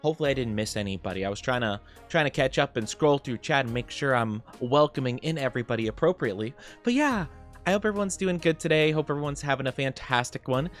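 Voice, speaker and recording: A man's voice: mid-range voice, animated, quick pace, soft background music. A young man chatting casually on a live stream, upbeat and giggly as he greets his chat.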